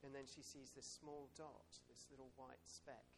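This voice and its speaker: A man giving an informal sermon, talking it through in a relaxed, storytelling way. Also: medium pitch, moderate pace, vocal fry, background noise. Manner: conversational, warm storytelling with soft asides and chuckles. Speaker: preacher.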